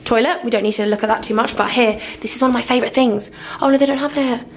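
A young woman telling a story in an animated, chatty vlog, acting out each side of the conversation from her hotel room. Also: a little high, fast, echoey room, slight background noise. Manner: animated, acts out both sides of conversations. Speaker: vlogger.

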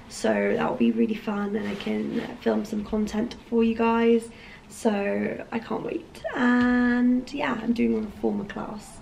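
Croaky young woman vlogging. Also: medium pitch, rough recording. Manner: chatty, rambling with many ums and likes. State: croaky morning voice. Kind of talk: casual vlog chat to camera.

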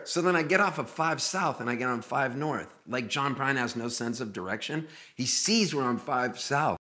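A man telling a funny story as a guest, animated and often laughing. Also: medium pitch, moderate pace. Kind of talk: casual storytelling.

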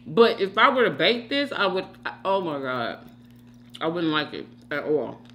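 A woman's voice: lowish voice, lively intonation, a little slow, slight background noise. A middle-aged woman vlogger chatting casually while she eats, talking straight to her viewers and calling them y'all and girl. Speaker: mukbang vlogger. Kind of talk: casual gossip chat while eating.

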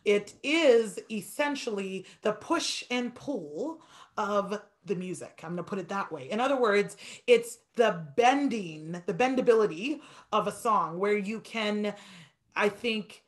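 Woman, piano teacher, fast and animated delivery, very expressive pitch, encouraging masterclass tone.

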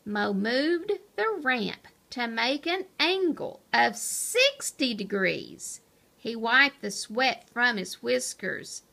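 A woman reads a children's picture book aloud, her high voice rising and falling with lively expression. She takes her time, and her tone is bright and clear. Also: slow. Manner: expressive, storytelling. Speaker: narrator.

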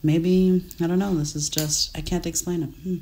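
A woman's voice: on the low side, fairly even intonation, moderate pace, mellow, a little hiss or hum. Woman, 30s, from France, casual chat, rambling, laughs a lot. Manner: chatty, rambling, laughs often. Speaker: guest artist.

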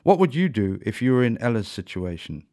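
A man narrating a children's story in a calm, clear manner. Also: mid-range voice, a little fast.

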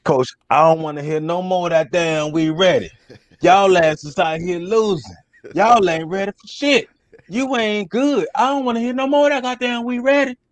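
Casting: man playing a furious coach, high-pitched yelling, cursing. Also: moderate pace, lightly acted. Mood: angry scolding. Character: angry male high school football coach.

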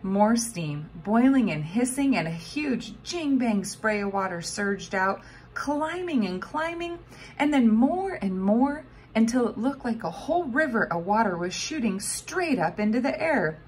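A woman narrating a children's novel aloud with expressive storytelling. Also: a little high, measured pace, slight background noise. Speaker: audiobook narrator. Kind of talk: scripted narration.

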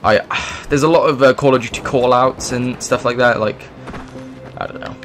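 A man's voice: medium pitch, steady tone, moderate pace, fairly bright tone, faint music behind. A man doing casual let's play commentary, rambling along with sudden exclamations. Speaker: gaming YouTuber.

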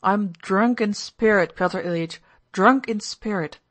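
A woman reading the part of a reckless, excitable young man in an audiobook, loud and given to wild outbursts. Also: medium pitch, measured pace, lightly acted.

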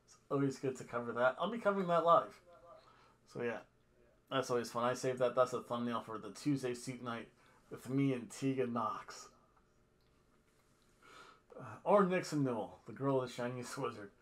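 A man hosting a wrestling review show, chatting casually and telling rambling stories with sudden loud bursts. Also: mid-range voice, normal speed, pauses often. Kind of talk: casual chat.

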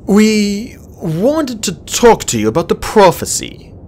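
A woman voicing a thoughtful young male dragon who speaks slowly and hesitantly. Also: medium pitch, sing-song, darkish tone, slight background noise, pitched above the performer's own voice. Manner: hesitant, slow and careful.

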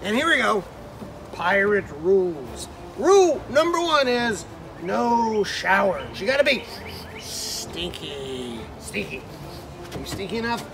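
A man's voice: high voice, sing-song, slow, noisy background, exaggerated voice. A man playing a jolly pirate captain who teaches children the pirate rules with hearty, growling pirate talk. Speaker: pirate character in an art lesson.

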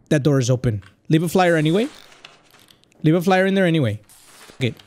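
A man's voice: fairly high pitch, lively intonation, a little fast, long pauses, a little mellow, a little hiss or hum. A man giving rambling, nervous commentary while playing a horror game, breaking into nervous laughs. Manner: jittery, rambling nervous chatter. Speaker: gamer.

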